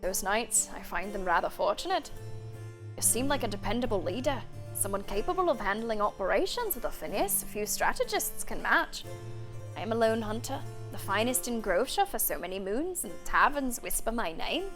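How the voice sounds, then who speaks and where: A proud lone hunter with a put-on Irish lilt, a man who likes to talk about himself, as a woman puts him on for a game. The voice sits a little high for a man and comes across smooth and self-assured. Faint music plays behind it. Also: big pitch swings, normal speed, fairly bright tone. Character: proud lone male hunter, boastful wanderer. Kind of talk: reading game dialogue aloud.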